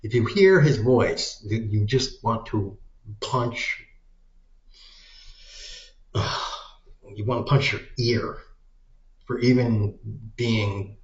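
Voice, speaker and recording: A man's voice: fairly low pitch, drawn-out words, pauses often. A man ranting casually with plenty of profanity, rambling and muttering as he goes. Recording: echoey room, dull lo-fi sound.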